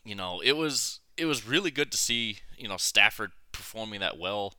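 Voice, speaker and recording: A man co-hosting a casual sports chat in a very bright, ringing, crisp voice. He talks bluntly, swears now and then, and stumbles through fillers and restarts. The sound is close and dry. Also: fairly low pitch, expressive, no echo. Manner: halting, full of fillers and restarts, blunt and profane. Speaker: podcast co-host.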